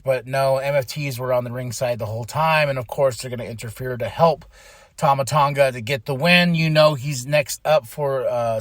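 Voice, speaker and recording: A man hosting a podcast, recapping in an excited, animated way with hype shouts. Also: mid-range voice, no room sound, clean studio sound. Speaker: podcast host. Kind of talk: casual wrestling recap.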